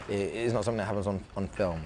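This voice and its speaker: Deep-voiced English man, halting and reflective. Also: a little mellow, a little hiss or hum. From England. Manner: halting and reflective, restarting sentences often. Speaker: actor being interviewed. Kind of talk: casual interview talk.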